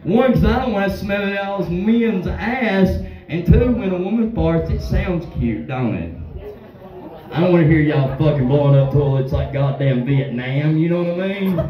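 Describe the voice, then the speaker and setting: Rowdy high-voiced comic on stage. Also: male voice, roomy sound, far from the mic, muffled recording. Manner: crude, rowdy, addresses the crowd. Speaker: stand-up comedian. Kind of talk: stand-up comedy set. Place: bar stage with a live audience.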